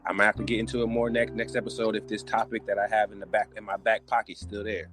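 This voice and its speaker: A man hosting a podcast, ranting in casual chat in an animated, joking way with loose slang. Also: lowish voice, fast, music in the background. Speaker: podcast host.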